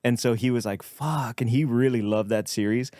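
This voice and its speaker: A man's voice: medium pitch, steady tone, brisk, warm tone, no room sound. Podcast co-host, man, casual and profane, tells prank stories and laughs at them, dry close mic. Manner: swearing, laughs at his own pranks. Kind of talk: casual comedic storytelling.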